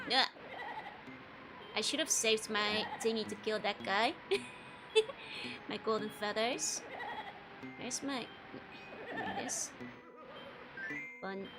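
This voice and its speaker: A young woman with a Dutch accent, a native Dutch speaker, chatting and giggling through casual gameplay commentary as a streamer and answering her chat. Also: on the high side. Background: game music.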